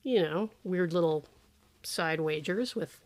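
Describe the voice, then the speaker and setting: A woman's voice: fairly low pitch, takes it slowly. Woman, podcast co-host, casual chat, sarcastic, rambling fillers. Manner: chatty, sarcastic, lots of fillers. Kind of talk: casual movie-review chat.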